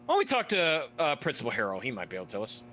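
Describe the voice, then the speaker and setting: Laid-back male streamer, bright voice. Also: mid-range voice, wildly swooping pitch, rapid-fire. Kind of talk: casual gameplay commentary.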